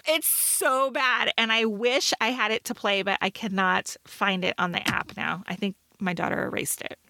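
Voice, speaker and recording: A middle-aged woman co-hosts a podcast, telling a self-mocking story in casual chat packed with fillers. Her mid-range voice is pushed and bright, with fairly even intonation at normal speed, on a dry, clean studio recording.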